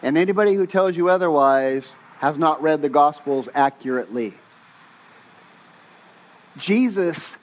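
Animated male pastor preaching. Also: on the high side, lo-fi sound. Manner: animated storytelling, casual slang. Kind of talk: sermon.

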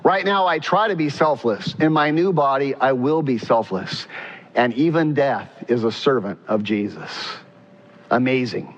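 A man preaching a sermon in an animated way, acting out voices and swinging from loud questions to hushed, tender lines. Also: mid-range voice, unhurried, muffled recording. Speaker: pastor.

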